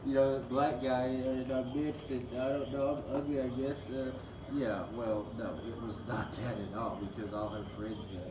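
A man telling stories in casual, rambling, profane talk full of fillers. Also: mid-range voice. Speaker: storyteller. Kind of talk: casual storytelling. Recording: echoey room, mic at a distance, noisy.

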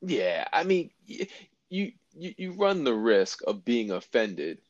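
A man's voice: medium pitch, big pitch swings, slow, no echo, highs cut off. A man co-hosting a casual chat, making his point emphatically and repeating himself.

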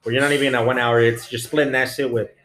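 A man's voice: medium pitch, level tone, rapid-fire, fairly bright tone. A man, a former prison officer, telling a story in casual, blunt, profane street slang. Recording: roomy echo, faint music.

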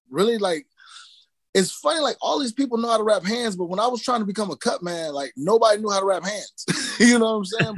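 An animated man who tells stories casually, swears freely and slips into the voices of people he quotes. His voice sits a little high for a man. It is recorded close and dry, with no room sound. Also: no echo. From New Mexico. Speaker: cut man guest. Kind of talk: casual storytelling interview.

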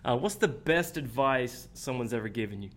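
Easygoing man hosting an interview. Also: medium pitch. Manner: relaxed, quick questions with short affirmations. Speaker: podcast host. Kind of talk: casual interview chat.

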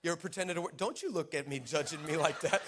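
A male preacher with a fairly high voice delivers a lively, comic story in church. He is playful and quick to tease his listeners, and his energy keeps rising and falling as he tells it. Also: background noise. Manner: animated, playful, teasing the congregation.

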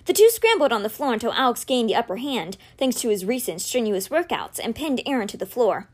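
A woman reading a novel aloud with expressive, animated storytelling. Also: a little high, brisk. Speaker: audiobook reader.

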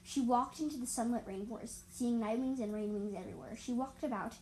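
A woman's voice: fairly high pitch, a little fast, mellow, a little hiss or hum, poor audio. A woman reading a fantasy story aloud, stumbling and correcting herself as she goes. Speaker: story reader. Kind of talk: reading her own fan story aloud.

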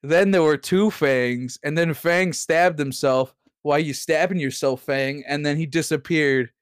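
A man's voice: a little high, measured pace, smooth, no room sound, studio quality. A man casually recapping a tabletop game session, rambling and profane, full of restarts and laughter. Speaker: player recapping last session.

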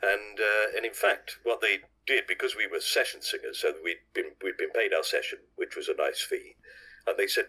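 Deep husky older man telling stories. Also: expressive, fairly quick, bright, forceful tone, low-quality recording. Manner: rambling storyteller, self-correcting, chuckles. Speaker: podcast guest, actor and singer. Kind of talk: anecdotal interview chat.

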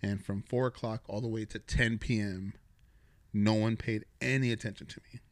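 A man from San Antonio, a guest artist, telling a personal story in a relaxed, rambling way on a podcast, full of "dude" and "like". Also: lowish voice, normal speed, no room sound. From San Antonio, Texas. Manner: laid-back, rambling, peppered with "dude" and "like". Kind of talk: casual storytelling in a podcast chat.

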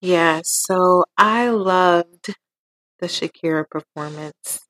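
A woman's voice: fairly low pitch, slow pace, a bit bright. A woman co-hosting a podcast, chatting casually about pop culture in a laid-back, teasing way. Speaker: podcast co-host.

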